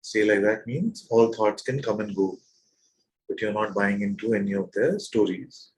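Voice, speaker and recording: A man leading a satsang as spiritual teacher, probing his listeners with repeated questions in a gentle, playful way. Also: on the low side, normal speed, poor audio. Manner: gentle and playful, with soft laughs. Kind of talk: satsang teaching to a live group.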